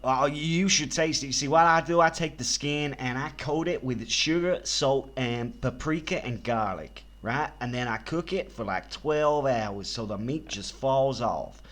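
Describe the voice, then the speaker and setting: Bright-voiced man teasing with crude innuendo. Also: medium pitch, measured pace, few pauses. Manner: teasing and full of crude innuendo, often stammering. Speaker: scam baiter. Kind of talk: prank phone call.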